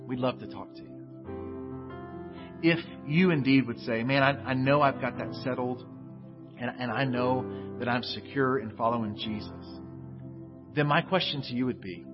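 Pastor preaching over music. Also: male voice, mid-range voice. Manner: storytelling, loud acted quotes then quiet earnest close. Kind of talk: sermon. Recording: dull, lo-fi with music behind.

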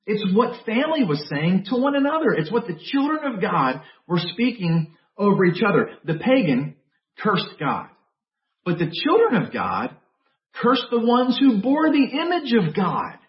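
A man preaching with lively, swooping intonation and playful asides to the congregation. His voice rings around a roomy hall. The sound is dull and slightly muffled. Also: sits high, measured pace, recorded from a distance. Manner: animated storytelling, jokey asides. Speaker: pastor. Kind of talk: sermon.

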